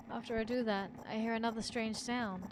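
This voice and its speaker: Woman streamer, first-person horror story reading, joking asides, fairly high voice, hissy noisy recording. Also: steady tone, brisk.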